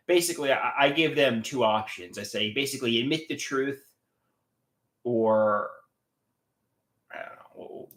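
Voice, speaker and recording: A man's voice: medium pitch, a bit bright. Agitated swearing man in an echoey room. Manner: agitated, swearing, repeats himself and restarts. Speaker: livestreamer showing his artwork. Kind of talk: casual livestream talk.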